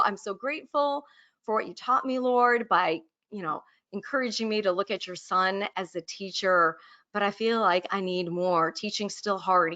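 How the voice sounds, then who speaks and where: A woman in her forties tells her own story in an earnest, personal way over a webinar. Her voice is bright and clear-toned. The audio comes through dull and lo-fi, like a computer mic on a video call. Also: on the low side. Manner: earnest personal storytelling, warm self-deprecating laughs. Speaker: teacher and author. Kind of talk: webinar talk.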